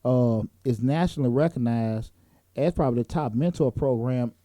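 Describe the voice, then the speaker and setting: A man's voice: medium pitch, normal speed, mellow, no room sound. A man hosting a talk show in a casual, joking way, with plenty of fillers. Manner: laid-back, joking, lots of fillers. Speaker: host. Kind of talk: casual chat.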